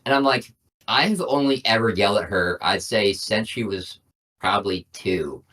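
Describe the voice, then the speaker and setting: Young male podcast co-host, low and bright, mic a little distant; rambling anecdotal delivery. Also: moderate pace. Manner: rambling storyteller, lots of "I'm like". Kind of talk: casual chat.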